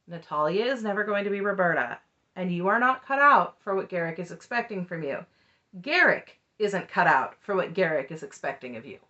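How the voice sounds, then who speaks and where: A woman's voice: fairly low pitch, animated, a little fast, bright, forceful tone. A woman hosting a casual, chatty recap with snarky asides. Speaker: recap host. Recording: muffled lo-fi audio.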